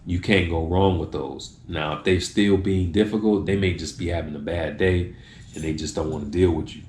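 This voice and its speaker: A man's voice: low voice, steady tone, normal speed, darkish tone, reverberant, a little hiss or hum. A man hosting a video, giving casual tips straight to the camera and acting out little exchanges in other voices. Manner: acts out short exchanges in changed voices.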